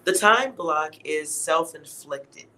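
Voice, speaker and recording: A man's voice: a little high, animated, takes it slowly, sharp tone, a little hiss or hum, low-quality recording. A man giving a casual, blunt tarot reading to his viewers, laughing at himself and swearing now and then. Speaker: tarot reader.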